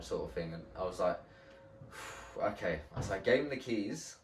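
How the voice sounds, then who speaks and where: A low-voiced man recounts a tense experience in loose, profane podcast talk. He stumbles and restarts his sentences often. He was recorded from some distance in a roomy, echoing space. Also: slight background noise. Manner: halting and profane, with frequent restarts. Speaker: podcast co-host telling a story. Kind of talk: casual storytelling. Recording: roomy sound from a distant mic.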